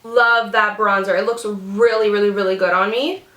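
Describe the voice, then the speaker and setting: A woman's voice: medium pitch, steady tone, normal speed, a bit bright, reverberant. A young woman vlogger chatting casually while doing her makeup, bubbly and full of "like" and "seriously". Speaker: beauty vlogger. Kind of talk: casual get-ready chat.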